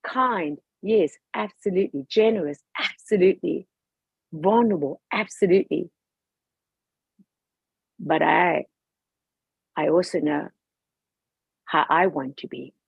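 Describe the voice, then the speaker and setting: A woman's voice: lowish voice, measured pace, gravelly, long pauses, husky, dry recording. A woman guest talking with passion, emphatic and outspoken about her views. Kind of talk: passionate personal talk. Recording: dull lo-fi recording.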